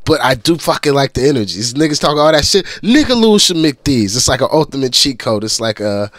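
A man's voice: medium pitch, quick pace, a bit bright, dry recording, studio quality. An American man hosting a reaction channel, talking back at a battle video in a blunt, profane, casual way. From United States.

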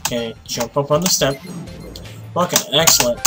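A tired young man giving casual, profane commentary while playing a game, with sudden excited outbursts. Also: medium pitch, normal speed, music in the background, low-quality recording. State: tired, sleepy voice. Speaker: let's play host.

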